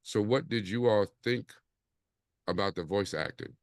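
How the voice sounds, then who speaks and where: A man's voice: fairly low pitch, a little slow, no echo, clean studio sound. A man hosting a casual podcast chat in a laid-back, rambling way, with plenty of fillers. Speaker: podcast host.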